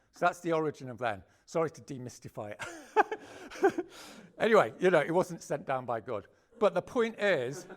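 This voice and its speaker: A man speaking informally to a gathering of activists. His voice sits a little high for a man, and he talks in a loose, conversational way, checking in with "right?" and swearing casually. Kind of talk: informal speech to a meeting.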